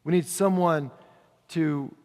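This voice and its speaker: A man preaching a sermon in a casual, conversational way, slowing down to read scripture aloud. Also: on the high side, darkish tone. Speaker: pastor. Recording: long reverb of a large hall.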